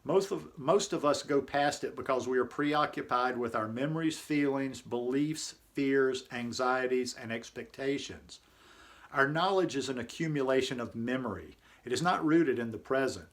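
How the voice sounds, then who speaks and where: Laid-back man hosting a daily vlog. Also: medium pitch. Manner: relaxed and conversational, reads slowly and deliberately. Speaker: vlog host. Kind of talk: casual chat and reading aloud. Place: home, indoors.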